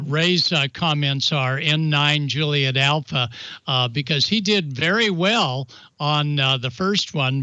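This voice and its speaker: A man's voice: a little high, bright, forceful tone, dry recording, muffled recording. A man co-hosting a show, making brief, hesitant remarks in casual chat.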